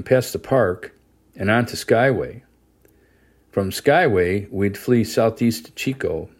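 A man reading a first-person novel aloud as an audiobook narrator, steady and measured. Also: on the low side. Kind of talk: scripted narration.

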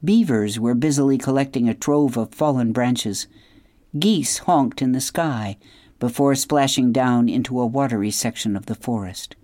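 A woman's voice: very deep voice, no echo. Woman reading a storybook aloud, dry studio sound. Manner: expressive, measured storytelling with dramatic hushed asides. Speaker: radio program host reading a book aloud. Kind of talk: scripted storybook narration.

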